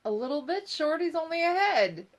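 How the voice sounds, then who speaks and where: A woman's voice: very high voice, sing-song, normal speed. A woman listening to the jokes and reacting with amused, teasing remarks.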